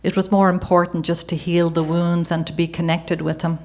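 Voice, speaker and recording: A woman with an Irish accent tells her life story to a gallery audience, partly reading from a memoir and partly talking off the cuff. Her voice sits low, and her delivery slips easily from read prose into conversational asides. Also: little pitch movement, fairly quick. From Ireland. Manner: warm conversational asides with occasional laughter. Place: gallery event before an audience.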